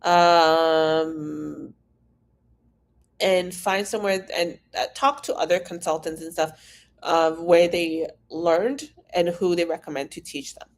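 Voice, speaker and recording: A woman's voice: on the low side, fairly even intonation, slow pace. A woman from Iran, an immigration consultant, answering viewer questions in a frank, casual live-stream Q&A and reading the questions aloud.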